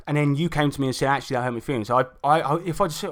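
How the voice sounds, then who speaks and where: A man's voice: on the high side, racing, a bit bright. A man hosting a casual commentary show, talking indignantly with frequent restarts and asides. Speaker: commentary host.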